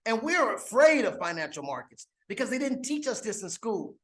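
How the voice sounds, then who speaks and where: A network marketing promoter giving an excited testimonial, repeating phrases over and over for emphasis. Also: medium pitch, moderate pace. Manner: excited and repetitive, stacking phrases. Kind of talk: enthusiastic testimonial monologue. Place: abroad on a trip.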